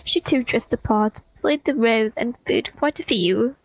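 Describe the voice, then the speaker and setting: A woman's voice: on the high side, normal speed, dry recording, lo-fi sound. A woman voicing a haughty, proud young priestess in a game with a put-on British accent, scornful and declamatory.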